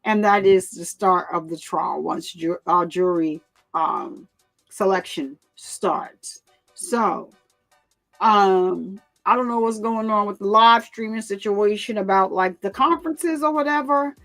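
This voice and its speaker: A woman hosting her own channel, speaking casually to her viewers in an animated way, repeating phrases and laughing often. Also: mid-range voice, measured pace, vocal fry, faint music behind. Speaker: commentary channel host.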